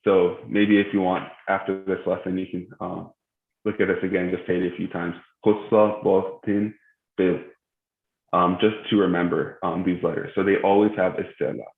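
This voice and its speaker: A man's voice: sits low, little pitch movement, brisk. A young man teaching a live religious recitation lesson in a mosque, hesitant and full of filler sounds as he explains. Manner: hesitant, many filler sounds, self-correcting. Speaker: tajweed teacher. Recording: echoey, tinny phone-like stream.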